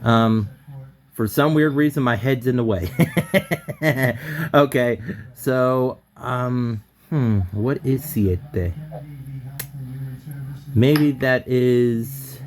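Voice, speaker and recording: A man as a language student on a video call, reading slowly, stumbling and correcting himself. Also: mid-range voice. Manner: hesitant, self-correcting, laughs at his own slips. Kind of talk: casual online lesson talk.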